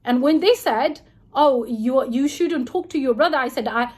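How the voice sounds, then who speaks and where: High-voiced indignant woman vlogging a grievance. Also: darkish tone. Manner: indignant, rapid retelling with quoted back-and-forth. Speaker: vlogger recounting a complaint. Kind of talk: heated personal account to camera. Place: quarantine hotel room.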